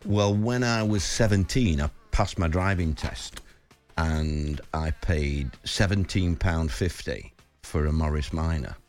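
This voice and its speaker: Deep-voiced Yorkshire man in his seventies. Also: slow, a little mellow, soft background music. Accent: Sheffield, Yorkshire. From England. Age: 70s. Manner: chatty and rambling, with dialect grammar. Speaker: football manager guest. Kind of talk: casual radio chat.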